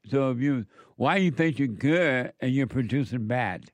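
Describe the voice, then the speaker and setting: A man's voice: mid-range voice, measured pace, no room sound. A man giving an informal spiritual talk as a counselor, blunt and emphatic, repeating words for stress.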